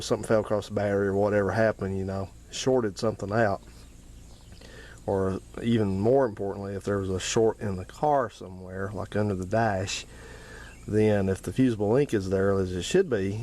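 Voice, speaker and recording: Hoarse, plain-spoken garage host. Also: male voice, on the low side, darkish tone. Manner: plain-spoken, repeats warnings emphatically. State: getting hoarse. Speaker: home mechanic channel host. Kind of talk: casual how-to talk.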